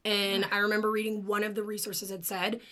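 A woman's voice: medium pitch, monotone, brisk, pushed and bright. A young woman co-hosting a true crime podcast, telling the case in a casual, chatty way with lots of "like" and some swearing. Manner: casual, swears, says "like" often, emotional about the case.

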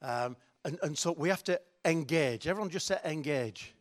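Chatty preacher, higher voice. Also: male voice, normal speed. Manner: chatty, joking, self-mocking. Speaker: pastor. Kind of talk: sermon.

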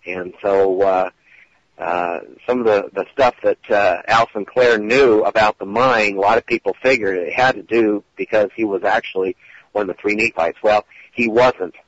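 Low-voiced man telling stories, hesitant. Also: measured pace, dull audio, slight background noise. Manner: rambling, with many hesitations and acted-out quotes. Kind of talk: casual podcast storytelling.

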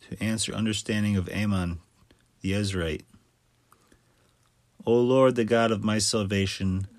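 A man reading scripture aloud with a measured, steady cadence. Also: fairly low pitch, dry recording. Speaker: scripture reader.

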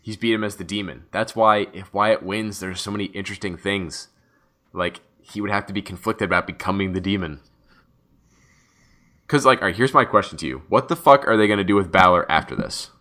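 A man co-hosting a casual chat show, talking in an excitable, rambling way and swearing freely. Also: sits low, a little fast. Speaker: podcast co-host. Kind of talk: casual chat about wrestling.

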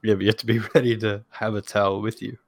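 Male podcast co-host, lowish voice, rambling storyteller who laughs a lot, casual. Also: level tone, fast talker, dry recording, studio quality, soft background music. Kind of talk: casual chat.

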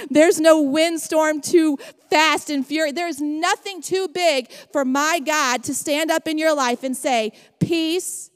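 High-voiced woman preaching slowly in a hall. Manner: impassioned, calls out to the congregation. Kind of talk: sermon. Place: church sanctuary.

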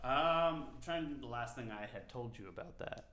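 A man's voice: medium pitch, animated, a little fast, bright, forceful tone. A young man co-hosting a podcast, joking around in casual chat, swearing freely and laughing often. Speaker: podcast co-host.

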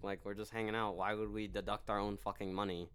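A man co-hosting a podcast, swearing a lot and telling a reality-show story in animated detail. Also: fairly low pitch, fast talker, clear, resonant tone. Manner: profane, animated storytelling with quoted voices. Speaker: podcast co-host. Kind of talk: casual chat.

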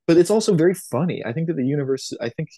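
A man's voice: a little high, expressive, rapid-fire, mellow, dry recording. Laid-back swearing male podcast guest. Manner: casual, laughing, swears freely. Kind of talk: casual podcast conversation.

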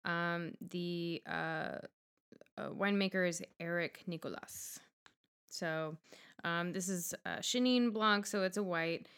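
A woman's voice: lowish voice, slow, fairly bright tone, clear, resonant tone. A young woman hosting a casual podcast chat, rambling with lots of fillers and teasing her co-host.

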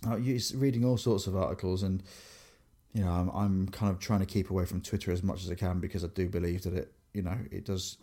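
A young English man, co-hosting a podcast, telling animated stories in casual chat with many restarts. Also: low voice, fast talker. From England. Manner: animated storyteller, lots of fillers and restarts. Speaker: podcast co-host.

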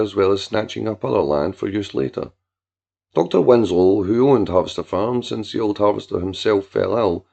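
A man narrating a story in a steady, measured way. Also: lowish voice, creaky. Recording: dull lo-fi recording.

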